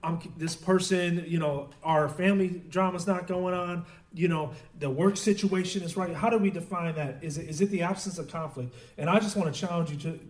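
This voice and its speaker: A man preaching a sermon in a relaxed, conversational way, with many fillers and restarts. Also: sits high, a little fast, few pauses. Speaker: pastor. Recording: roomy echo, voice from a distance.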